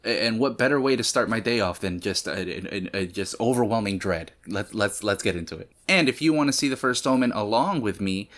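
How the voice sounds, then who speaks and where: Man, lowish voice, casual vlog host, rambling, stammering restarts, mock-angry rants. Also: a little fast, few pauses, fairly bright tone. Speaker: movie reaction YouTuber.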